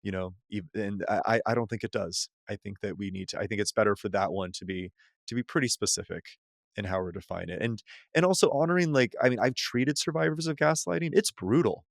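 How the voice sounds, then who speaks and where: A man, a psychotherapist, talking loosely in a podcast conversation, full of "like" and restarts and quick to laugh. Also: lowish voice, creaky, dry recording, clean studio sound. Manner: loose and rambling, heavy use of "like" and restarts, laughs easily. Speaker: psychotherapist guest.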